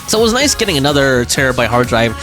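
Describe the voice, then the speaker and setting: A man's voice: mid-range voice, big pitch swings, fast talker, music in the background. A young man streaming a game live, chatting casually and rambling with fillers and restarts.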